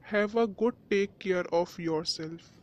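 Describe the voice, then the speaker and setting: A woman voicing a kind, loving father figure who speaks slowly and calmly. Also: fairly low pitch, lo-fi sound. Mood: tender.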